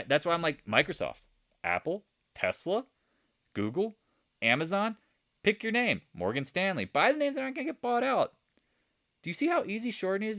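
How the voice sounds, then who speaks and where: A man hosting a live market chat, excitably answering viewer questions and talking straight to his viewers. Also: medium pitch. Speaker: trading channel host.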